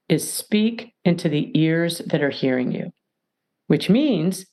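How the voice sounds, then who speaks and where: A woman's voice: deep voice, animated, slow, warm tone. A middle-aged woman, a mediator and podcast guest, giving emphatic advice and acting out little scenes as she explains. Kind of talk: animated advice talk.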